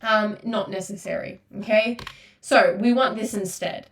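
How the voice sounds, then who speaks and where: An Australian woman tutor talks through an exam-prep lesson in a relaxed, chatty way, dropping fillers as she goes. Her voice sits back from the mic and rings in a roomy space. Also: medium pitch, measured pace. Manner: casual, chatty, frequent fillers. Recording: echoey room, far from mic.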